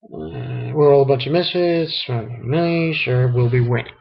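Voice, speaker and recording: A man giving a casual, halting spoken review of a comic chapter, often restarting his sentences. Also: mid-range voice, creaky, muffled recording. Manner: rambling, halting commentary with restarts. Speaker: manga reviewer.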